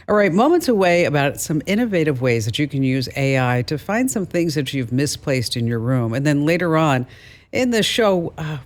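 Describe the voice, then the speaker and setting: A woman's voice: sits low, darkish tone. A woman hosting a call-in radio show, chatting with callers in an upbeat, playful manner.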